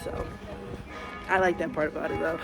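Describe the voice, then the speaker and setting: Strolling through city streets and markets, this young woman from the US rambles into her phone for a laid-back travel vlog, full of fillers, as she shops outdoors. She speaks low and level at a moderate pace with some vocal fry, and music plays beneath her.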